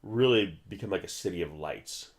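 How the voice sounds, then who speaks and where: Man, very low voice, young adult, rambling casual movie commentary, frequent restarts. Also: animated, normal speed. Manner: rambling, chatty, many restarts.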